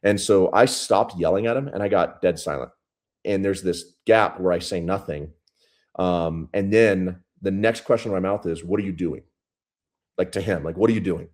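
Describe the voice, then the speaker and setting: A man's voice: low voice, moderate pace. A man in his thirties, a police sergeant guest, telling a story bluntly and profanely in a casual interview. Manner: blunt, profane, intense retelling.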